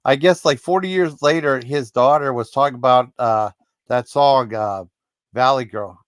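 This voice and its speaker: A man's voice: medium pitch, normal speed, smooth, dry recording. A man hosting a live stream over a video call, upbeat and playful, laughing often. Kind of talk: casual group chat.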